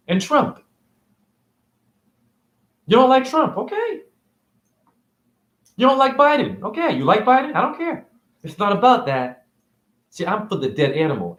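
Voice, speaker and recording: A man giving a rambling, confrontational livestream monologue. He fires off rhetorical questions, and his pitch swings widely. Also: fairly bright tone, roomy sound. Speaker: spiritual vlogger and store cashier.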